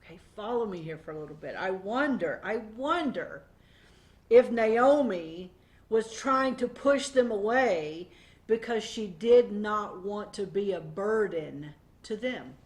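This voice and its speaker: A woman teaching a weekly Bible devotion in a conversational, animated way, often pausing on fillers. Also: mid-range voice.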